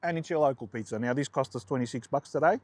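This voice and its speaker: A man's voice: medium pitch, fast talker, darkish tone, dry recording. A man in his forties with an Australian accent, chatting casually as a food vlogger and rambling through anecdotes. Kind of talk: casual food vlog storytelling.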